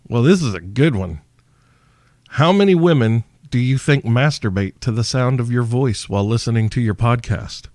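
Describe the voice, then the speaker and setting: Man, podcast host, crude and brash, mid-pitched voice, dry close sound. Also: a little mellow, no echo. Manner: profane, brash, mock-seductive. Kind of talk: crude comedic monologue answering listener questions.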